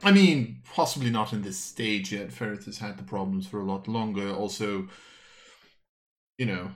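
A man's voice: lowish voice, normal speed. A man running a tabletop game as game master, talking in a casual, rambling, crude way.

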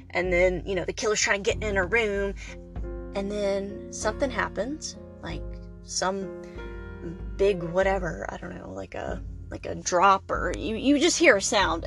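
A woman hosts a podcast and recaps a film in loose, chatty talk. She rambles, fills her pauses and laughs along the way. Faint music plays under her voice. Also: medium pitch, a bit bright. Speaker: podcast host. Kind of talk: casual movie recap.

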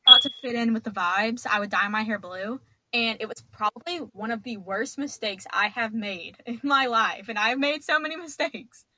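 A woman's voice: fairly high pitch, normal speed, sharp tone, no echo. A young woman telling stories as a podcast guest, chatty and dramatic, laughing as she goes. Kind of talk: casual storytelling.

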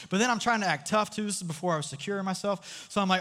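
Rapid-fire and hardly pausing, a youth speaker with a high, bright, forceful voice delivers a casual storytelling sermon to a live audience. He's chatty and joking, keeps asking the crowd questions, and the large room adds long hall reverb.

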